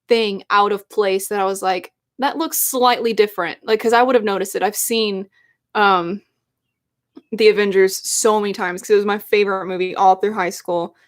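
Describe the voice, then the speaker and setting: A young adult woman who is a YouTuber, chatting casually and emotionally on a live stream in a rambling way. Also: medium pitch. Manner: emotional, rambling fan talk.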